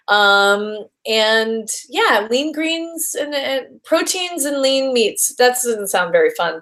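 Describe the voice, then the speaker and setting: A woman's voice: mid-range voice, fairly bright tone. A young adult woman chatting as a guest in a casual interview. She gushes with bubbly enthusiasm and trips over fillers and restarts as she goes. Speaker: voice actress guest.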